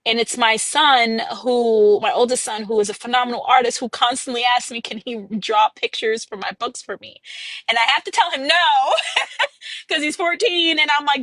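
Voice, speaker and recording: A woman in her thirties, an author chatting in a podcast interview, who tells lively stories, laughs often and acts out quotes. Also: a little high, moderate pace, no echo, low-quality recording. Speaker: author guest.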